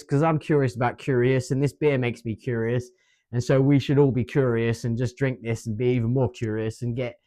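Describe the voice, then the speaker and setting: English bloke rambling on about a beer, chatty and a bit sweary, mid pitch. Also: male voice, fairly even intonation, fairly quick, dark tone. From England. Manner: rambling, enthusiastic, salty, keeps saying "mate". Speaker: beer reviewer. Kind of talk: casual chatty review.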